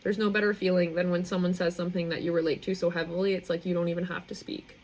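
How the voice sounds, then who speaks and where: A woman's voice: on the low side, level tone, fast, darkish tone, low-quality recording. A young woman hosting a live stream, talking in an effusive, rambling, heartfelt way. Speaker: livestream host. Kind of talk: emotional live stream sign-off.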